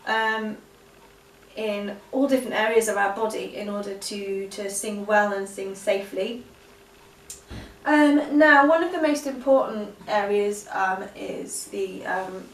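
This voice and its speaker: A woman teaching vocal exercises in a relaxed, chatty way, with frequent ums. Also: medium pitch. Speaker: singing teacher. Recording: echoey room, voice a bit far from mic.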